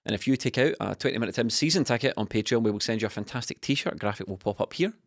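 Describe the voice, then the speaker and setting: Fast-talking podcast host. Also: male voice, on the low side. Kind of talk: casual podcast chat.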